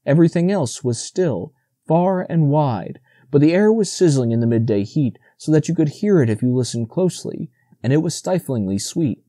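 Man narrating with a dark, mellow voice. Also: a little high, animated, normal speed, no echo, studio quality. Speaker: audiobook narrator. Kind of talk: scripted narration.

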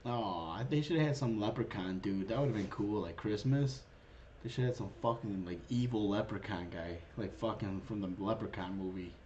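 A man's voice: fairly low pitch, moderate pace, dark tone, highs cut off. A young man chats loosely while streaming a game. He sounds hyped and goofy, with plenty of swearing, over a faint background hiss. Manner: hyped, goofy, swearing, puts on a mock leprechaun voice. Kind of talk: casual gaming stream chat.

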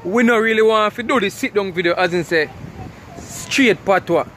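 A Jamaican man talks to his camera outdoors while sheltering from rain under a tree. His voice sits high for a man, and his chatter is loose and full of laughs, with faint outdoor noise behind him. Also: moderate pace. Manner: chatty, laughs often, restarts words. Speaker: vlogger. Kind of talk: casual vlog talk to camera.

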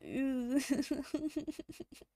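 A woman's voice: high voice, drawn-out words, dark tone, no room sound. A woman streaming a horror game, squeamish and nervous, repeating words and laughing often through a headset mic.

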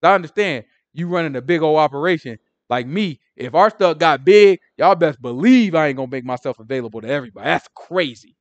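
A man's voice: a little high, expressive, fairly quick, hardly any pauses, no echo, muffled recording. A man giving casual, emphatic Bible teaching, full of rhetorical questions and conversational asides. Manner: frequent "you know what I'm saying". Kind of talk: casual street-style teaching.

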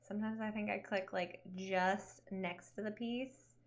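A young woman chatting casually while streaming a puzzle game, giggly and animated. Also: medium pitch, a little slow. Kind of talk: casual gaming stream chat.

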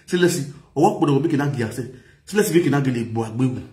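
A man's voice: mid-range voice, animated, fast, warm tone, a little hiss or hum. A man chatting casually in a playful sing-song way, mixing languages, chanting and laughing often. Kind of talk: casual livestream chat with singing and chanting. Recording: echoey room.

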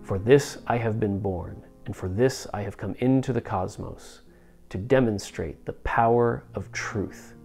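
A man voicing a calm, steady teacher figure in a dramatized scripture reading, speaking in a measured way. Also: on the low side, creaky, soft background music.

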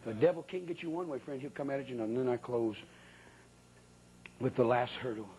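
A man's voice: medium pitch, fairly even intonation, normal speed, darkish tone, low-quality recording. A man preaching a sermon who tells a funny story about his own misfortunes in a folksy, colloquial way with sudden exclamations.

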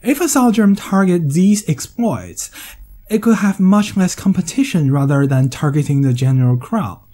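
A man's voice: high voice, animated, normal speed, warm tone. A man with a dry, wry humor reading his own video essay, with frequent hesitant fillers. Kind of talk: scripted monologue.

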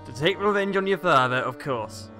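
A man voicing a sinister male salesman who speaks in a suave, deliberate way. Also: fairly high pitch, expressive, bright, forceful tone, faint music behind. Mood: ominous.

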